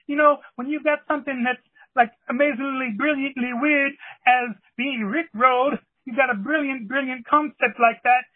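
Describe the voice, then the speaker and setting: A man on a phone call doing a gushing, high-voiced impression of a male pop star. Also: fairly even intonation, normal speed, dry recording. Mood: chipper. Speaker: caller. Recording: tinny phone line.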